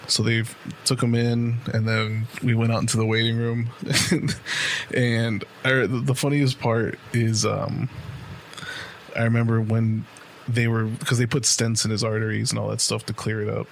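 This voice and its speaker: The podcast co-host, a man in his late twenties, rambles through a lengthy story full of swearing, peppered with "like" and "right?". His mid-range voice is creaky and level, moving at a normal speed, with a little hiss or hum in the audio.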